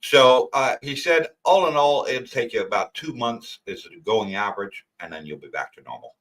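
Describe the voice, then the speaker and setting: A man's voice: medium pitch, lively intonation, normal speed, rough recording. An older man with a lisp and a sore throat, chatting casually as co-host of a livestream. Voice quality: lisp from missing teeth. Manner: warm thanks to viewers, chatty.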